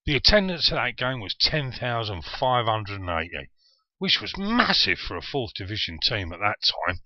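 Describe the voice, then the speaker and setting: A man's voice: lowish voice, moderate pace, no room sound. A middle-aged man with a Yorkshire accent telling a personal story, fondly and with animation. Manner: fond, animated reminiscing. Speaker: vlogger. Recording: dull lo-fi dry recording.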